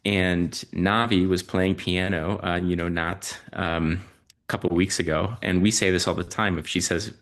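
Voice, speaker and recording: A man with a low-pitched voice talks through family stories as a podcast guest. He pauses often and fills the gaps with ums and uhs. His delivery is slow and thoughtful. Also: fairly even intonation, a bit bright. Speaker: podcast guest, parent and physician-researcher. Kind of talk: reflective conversational storytelling.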